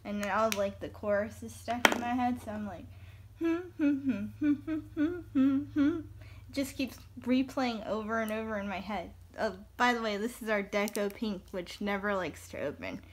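A woman's voice: on the high side, background noise. A woman in her thirties, from the American South, chatting casually and giggling as she colors for her viewers. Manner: chatty, giggly, slow-paced. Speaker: coloring video host. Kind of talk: casual chat while coloring.

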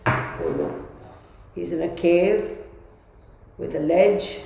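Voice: medium pitch, creaky, warm tone, slight background noise. A tarot reader giving an emphatic reading, repeating and restarting phrases while thinking aloud. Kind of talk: tarot card reading video. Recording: very echoey room.

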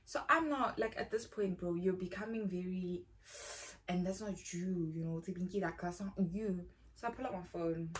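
A young woman with a South African accent tells a personal story in a loose, rambling way. She fills her talk with slang and keeps saying "bro". Her voice sits a little low for a woman. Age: young adult. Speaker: YouTuber. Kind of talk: casual storytime.

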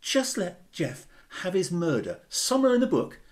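A man's voice: high voice, big pitch swings, normal speed. Teasing man chatting on a video call. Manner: teasing and jokey. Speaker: publisher on a panel. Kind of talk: casual panel chat.

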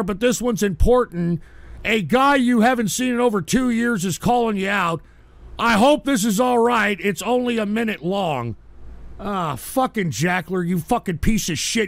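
A high, gravelly male voice, close and dry on the mic. He hosts a livestream and reads viewer messages aloud, answering each one with exasperated, profanity-laced rants. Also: a bit bright, no echo. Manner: angry, swearing, exasperated. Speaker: livestream host reading super chats. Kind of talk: profane ranting livestream talk.

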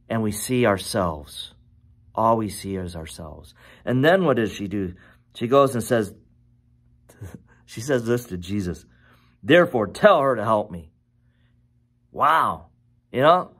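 A man preaching a sermon as pastor, with animated, conversational storytelling and questions to his listeners. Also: medium pitch, slightly rough. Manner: animated storytelling, self-correcting.

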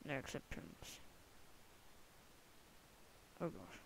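A young adult rambling jokily through gameplay commentary, breaking into sudden excited whoops now and then. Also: medium pitch, slow, creaky, a little hiss or hum, poor audio. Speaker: gamer recording gameplay commentary. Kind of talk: casual let's-play commentary. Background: other people talking in the room.

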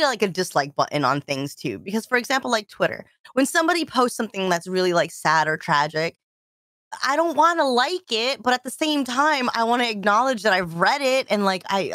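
Bright, lively woman podcast co-host. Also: a little high, a little fast, dry recording, clean studio sound. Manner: laughs often, animated storytelling. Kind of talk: casual chat.

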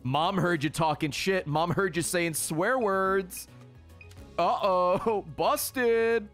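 A man with a high-set voice hosts a let's play, offering casual commentary at a slow pace while soft music plays in the background. He gets excitable and swears heavily, talking directly to the creatures on screen.

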